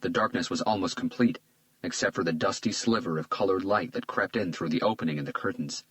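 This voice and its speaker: Male audiobook narrator, very deep, measured and tense thriller read. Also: a bit bright, no echo, low-quality recording.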